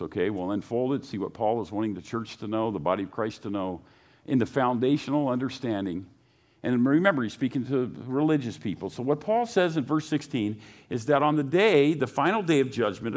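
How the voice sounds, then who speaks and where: A male pastor preaching a sermon, reading scripture and rising into pointed rhetorical questions. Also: medium pitch.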